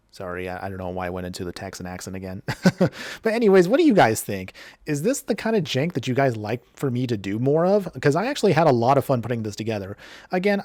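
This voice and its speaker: A man giving excited card game commentary and a deck guide, laughing often and talking straight to his viewers. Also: medium pitch, dry recording, clean studio sound. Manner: chatty, addresses viewers directly. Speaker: card game content creator.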